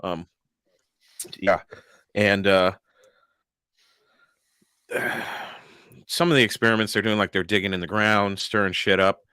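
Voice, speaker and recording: A man's voice: lowish voice, fairly even intonation, slow, long pauses, sharp tone, smooth, no echo, studio quality. A young man co-hosting a paranormal podcast in a loose, joking chat, laughing often and swearing freely. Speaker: podcast co-host. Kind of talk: casual chat.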